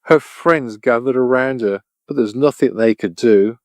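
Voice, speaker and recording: A man narrating a children's storybook audiobook in an even, clear storytelling voice. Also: medium pitch, normal speed, no echo, studio quality.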